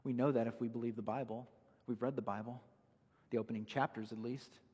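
Husky-voiced preacher in an echoing hall. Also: male voice, mid-range voice, steady tone, fairly quick, darkish tone, highs cut off. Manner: earnest, emphatic preaching with Bible verse references. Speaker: pastor. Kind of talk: sermon.

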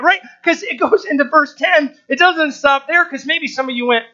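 A man from the United States delivers a sermon to a room full of listeners. His voice sits very high and rings bright and forceful as he presses them with rhetorical questions. The recording is dull and lo-fi, with a mains hum underneath. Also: normal speed, hardly any pauses. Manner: emphatic, asks the audience rhetorical questions. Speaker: preacher. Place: room with a live audience.

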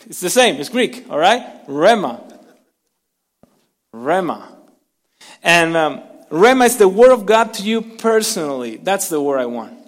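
A man preaching from the pulpit with a high, carrying voice, his words ringing out in a long hall reverb. He moves between forceful emphasis and soft, hushed lines, and he has the congregation repeat words back to him. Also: sing-song, measured pace, long pauses. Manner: dynamic preaching, drops to soft near-whispers for emphasis. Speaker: pastor. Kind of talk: sermon.

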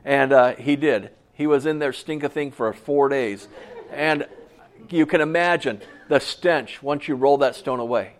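Lively pastor preaching a sermon. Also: male voice, medium pitch, a little slow. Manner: lively preaching with jokes aside to the congregation. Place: church.

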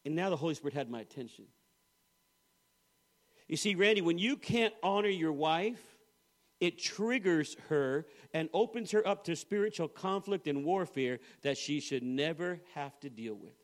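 Middle-aged male preacher, high voice, humorous storytelling sermon with acted-out quotes. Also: animated, moderate pace. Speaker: pastor.

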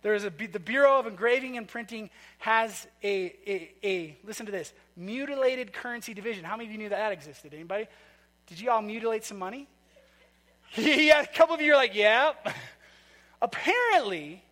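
In a church sanctuary with the long reverb of a large hall, a man preaches to his congregation in a high, animated, fairly quick, slightly bright voice. He tells a story in a chatty way and asks the people questions.

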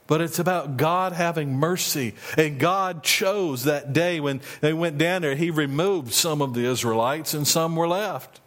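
A male pastor preaching a sermon, reading scripture slowly and then explaining it in a conversational way. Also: on the high side.

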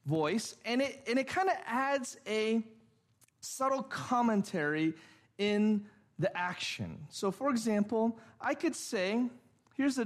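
A man with a high-pitched voice teaching a sermon. He builds his point patiently through examples, keeps asking whether the listeners follow, and restarts his sentences now and then while searching for words. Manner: explains step by step with examples and frequent "all right?" checks. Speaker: pastor.

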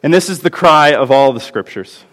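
A man's voice: a little high, expressive, normal speed, a bit bright. A man preaching a sermon as pastor, earnest and building to impassioned emphasis. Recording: long hall reverb.

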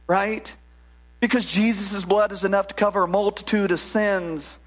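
High-voiced, animated male preacher. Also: brisk. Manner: animated and conversational, with frequent restarts and "right?" asides. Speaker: pastor. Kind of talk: sermon.

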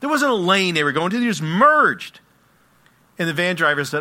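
Animated, bright-voiced male preacher. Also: high voice, moderate pace. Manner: storytelling, animated, swings between hushed and loud. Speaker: pastor. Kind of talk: sermon.

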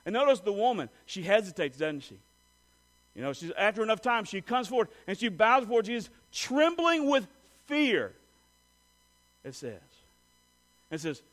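A man preaching a sermon, swinging between loud emphatic phrases and hushed low lines, and putting rhetorical questions straight to his listeners. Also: very animated, normal speed, pauses often, poor audio.

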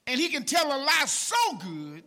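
With wildly swooping pitch and a slightly slow pace, this pastor preaches in a chatty style. He peppers his lines with "man" and "right?" and moves from low asides to shouting.

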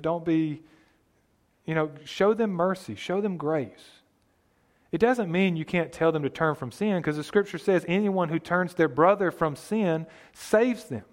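Guy preaching a sermon, kinda high voice, earnest and emphatic, reads verses then explains. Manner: earnest, emphatic, scripture reading between plain explanation.

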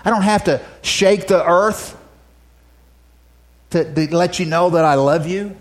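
In a high-pitched voice and at a measured pace, a male pastor delivers a sermon that ranges from emphatic, loud declarations to soft, hushed remarks, with words often repeated as he restarts phrases.

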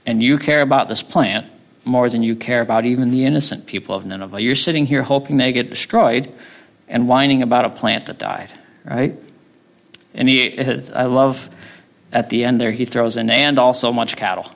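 Gravelly-voiced man preaching a sermon. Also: mid-range voice, moderate pace. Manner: conversational teaching, frequent tag questions. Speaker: pastor.

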